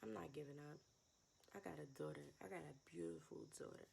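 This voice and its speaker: Twenties woman, low gravelly voice, raw heartfelt confessional vlog with repeated phrases. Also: fast, a little mellow, slight background noise. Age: 20s. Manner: raw, emotional, repeats phrases, sighs between thoughts. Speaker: vlogger.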